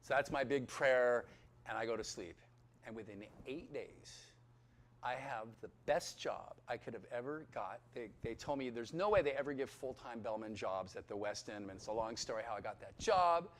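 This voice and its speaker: A man giving a personal testimony, telling his story with animated delivery and acting out the voices in it. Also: medium pitch, normal speed. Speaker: testimony speaker.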